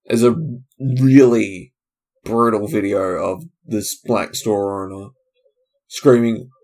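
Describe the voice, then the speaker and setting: A man's voice: fairly low pitch, steady tone, slow pace, a little mellow. Casually rambling man hosting a podcast. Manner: casual, loose and digressive, trailing off, many fillers. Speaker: comedian and podcast host. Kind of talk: rambling solo podcast chat.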